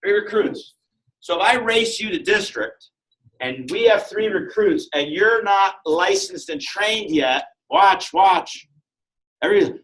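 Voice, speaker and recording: A man with a high, lifted voice delivers a lively motivational sales talk to a room full of people. He jokes constantly and acts out short exchanges between characters. His tone bounces around freely. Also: unhurried, rough recording. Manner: animated, joking, acts out dialogues. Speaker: motivational speaker.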